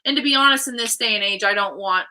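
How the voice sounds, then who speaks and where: A woman's voice: medium pitch, quick pace, low-quality recording. A woman hosting an interview show, chatting casually and acting out the voices of people in her stories. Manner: animated storytelling, acts out quoted voices. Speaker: host.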